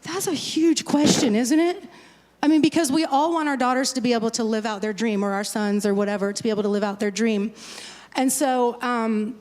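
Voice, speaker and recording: A woman's voice: on the high side, fairly even intonation, brisk, darkish tone. Chatty woman pastor in a big hall. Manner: chatty, joking, rambling asides. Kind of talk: casual talk to a conference crowd. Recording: long hall reverb.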